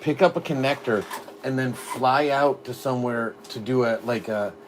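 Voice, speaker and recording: A man's voice: mid-range voice, fairly even intonation, normal speed, a little hiss or hum. A middle-aged father chatting casually on a family live stream, a rambling storyteller full of "like" fillers.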